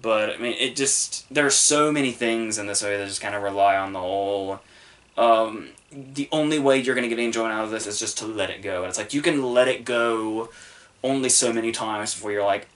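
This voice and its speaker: A man's voice: lowish voice, a little fast, fairly bright tone. A young man hosting a movie review podcast, talking in a loose, rambling way with many ums, restarts, swearing and short laughs. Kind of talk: casual solo review.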